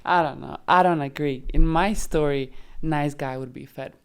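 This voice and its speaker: Woman on a podcast talking dating, deep smooth voice, says like a lot. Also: normal speed. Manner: frank and emphatic, lots of "like". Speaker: podcast guest. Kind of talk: casual podcast chat.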